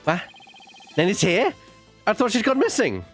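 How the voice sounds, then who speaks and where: Very animated defense lawyer reader. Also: medium pitch, moderate pace, faint music behind. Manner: animated, exclaiming. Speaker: player voicing the defense attorney. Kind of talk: group fan dub of a game.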